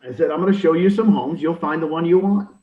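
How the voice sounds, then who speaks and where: An older man in real estate recruiting who talks in an energetic, emphatic coaching style and acts out quoted dialogue. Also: a little high, fast talker. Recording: roomy, distant, dull audio.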